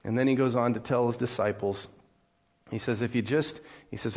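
Guy giving a sermon, chatty and easygoing, mid pitch, kinda muffled lo-fi sound. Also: a little fast. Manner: conversational, animated when acting out frustration. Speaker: pastor.

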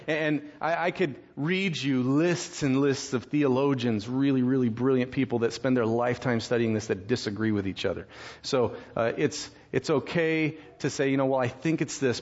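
A man preaching a sermon as pastor, conversational and self-deprecating, breaking into quick asides. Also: mid-range voice, darkish tone. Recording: slightly dull lo-fi sound.

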